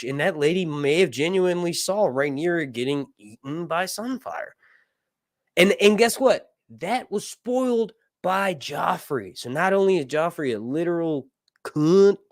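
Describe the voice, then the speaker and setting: A man hosting a live show, chatting casually through a reaction and analysis, rambling and excitable, swearing freely and laughing often. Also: a little high, no room sound, studio quality. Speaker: livestream show host.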